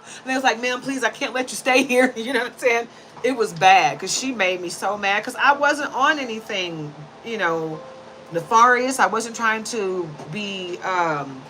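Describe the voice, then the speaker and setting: A woman in her forties, a tarot reader, telling a personal story in casual talk, animated, with loud bursts and low, earnest stretches. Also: a little hiss or hum, rough recording.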